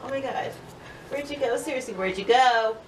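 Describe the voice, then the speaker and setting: A woman with a fairly high voice, speaking at normal speed, vlogs casually at home while searching a storage room. She's panicky and exclamatory, repeating herself, and the home video is noisy.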